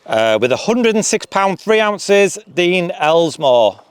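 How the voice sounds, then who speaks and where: A man presenting prizes outdoors, reading out winners in a jokey, relaxed manner. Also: sits high, slow pace, a little hiss or hum. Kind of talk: announcing winners. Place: outdoors at a fishery.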